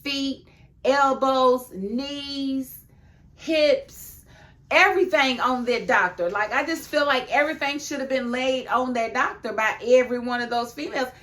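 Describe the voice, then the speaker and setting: A woman giving a casual video review of a TV episode, talking emphatically and laughing often, then dropping into a lower, confiding tone. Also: measured pace. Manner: emphatic and animated, with frequent laughs; chatty, drops into a low, confiding tone.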